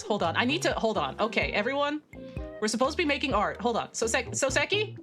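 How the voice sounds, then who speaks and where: Young female streamer, high and animated, giggly chat over faint game music. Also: moderate pace. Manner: giggly, excitable, swoops up into squeals. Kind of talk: casual gameplay chat.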